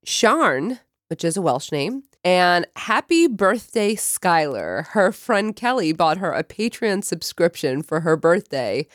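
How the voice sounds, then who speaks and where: A woman's voice: lowish voice, very animated, slow pace, no echo, clean studio sound. Giggly true crime podcast host woman. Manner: giggly and chatty. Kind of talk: casual chat and true crime narration.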